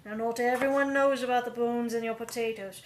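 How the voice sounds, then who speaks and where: A woman putting on a mock Australian accent, playing an excitable outback wildlife documentary presenter narrating in a hushed, mock-reverent way. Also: on the high side, brisk, background noise, lightly acted. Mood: mock-awed. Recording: echoey kitchen with clattering dishes.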